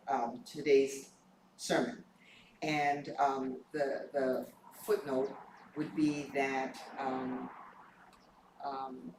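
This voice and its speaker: Hoarse man, slow halting reflection, distant in a reverberant temple hall. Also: a little high, a little hiss or hum. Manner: halting, many pauses and fillers. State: hoarse, clearing his throat. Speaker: temple board member sharing a reflection. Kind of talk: informal dharma reflection. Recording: echoey hall, mic far off.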